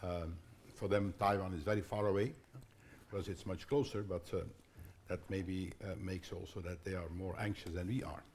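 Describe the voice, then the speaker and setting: An older man moderating a conference panel in a halting way, with frequent fillers and restarts. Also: low-pitched, fairly even intonation, a little mellow, a little hiss or hum.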